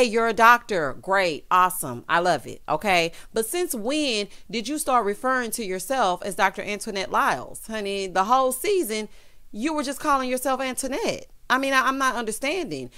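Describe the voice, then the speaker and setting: A woman with a Southern accent talks through a reality show episode in a loose, gossipy recap style. She is sassy and theatrical, often calling people "honey" and "child." Her voice jumps between loud, emphatic bursts and quieter, knowing asides. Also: smooth. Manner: sassy, dramatic, keeps saying honey and child; swings between loud outbursts and low asides. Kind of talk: casual recap commentary.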